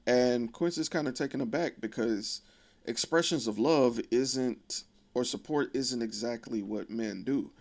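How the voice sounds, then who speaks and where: A man's voice: medium pitch, measured pace. A man casually retelling a film plot in a profane, conversational way with wry asides. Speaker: video creator.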